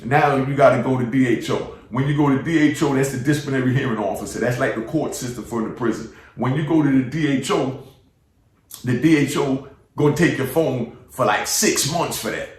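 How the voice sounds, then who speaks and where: A man's voice: mid-range voice, a little fast. A middle-aged man with a New York accent tells his story in loose street slang and keeps checking in with the listener. He sits some way back from the mic. The room around him rings with heavy echo. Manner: street slang, repeats "you know what I mean". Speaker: former inmate storyteller. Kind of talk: casual storytelling monologue. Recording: echoey room, mic at a distance.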